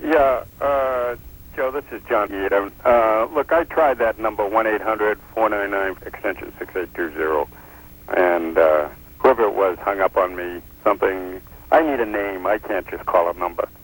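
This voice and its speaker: A man leaving a halting phone message full of pauses. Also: fairly low pitch, poor audio. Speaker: caller.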